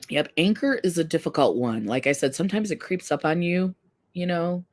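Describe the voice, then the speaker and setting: A woman's voice: lowish voice, animated, moderate pace, a little mellow. A woman in her fifties hosting a casual live stream, talking candidly and earnestly while reading viewer comments. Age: 50s. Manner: candid, earnest, self-deprecating.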